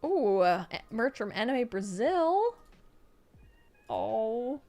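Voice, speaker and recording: A woman on a live stream reading out viewer messages and gushing over each one. She has a slightly high voice and an unhurried delivery, breaking into excited, swearing reactions. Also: soft background music.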